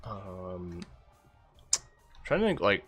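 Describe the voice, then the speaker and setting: A man's voice: low voice, big pitch swings, drawn-out words, fairly bright tone, slightly rough, soft background music. A man streaming a game, rambling casually between gameplay remarks and answers to chat, often distracted and swearing.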